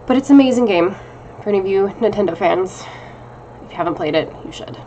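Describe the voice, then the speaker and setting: A woman's voice: medium pitch, lively intonation, fast, warm tone, a little hiss or hum, low-quality recording. A woman in her thirties, casually talking to her viewers in a rambling, self-deprecating personal check-in, recorded at home on a camera mic. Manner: chatty, rambling, laughs often, self-deprecating. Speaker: witchcraft vlogger.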